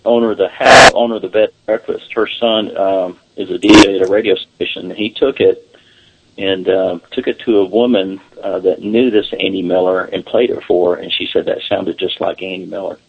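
A man guest on a paranormal talk show, describing investigations in a relaxed, halting way with many fillers. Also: deep voice, creaky, narrow, tinny audio, a little hiss or hum. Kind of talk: casual interview talk.

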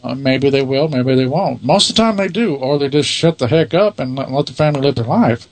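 A man speaks in a matter-of-fact, self-assured way, his voice sitting at an ordinary middle pitch. He answers interview questions as the leader of a paranormal investigation team. The recording is close and dry, with almost no room sound. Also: brisk, dry recording.

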